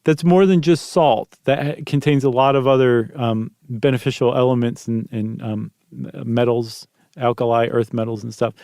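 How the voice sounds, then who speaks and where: Gravelly-voiced joking podcast co-host man. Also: medium pitch, steady tone, moderate pace, warm tone, no echo, studio quality. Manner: loose, joking, rambles with fillers. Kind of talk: casual chat.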